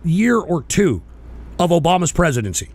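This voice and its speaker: A man's voice: a little high, big pitch swings, moderate pace, darkish tone. A male political talk-show host ranting profanely and combatively during a live stream, snapping at trolls.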